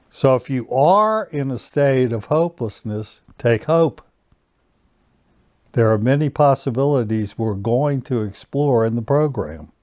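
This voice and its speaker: Guy teaching a mindfulness-type lesson, slow and calm, dry close sound. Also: medium pitch, no echo. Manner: slow, calm guiding instructions. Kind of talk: guided personal growth lesson.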